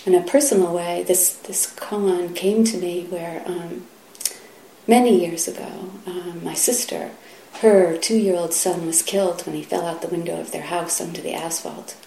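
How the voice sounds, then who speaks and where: A middle-aged woman giving a Zen dharma talk, soft and halting, often sinking to a whisper. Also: on the low side, a little hiss or hum. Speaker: Zen teacher. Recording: roomy hall echo, faint ambience.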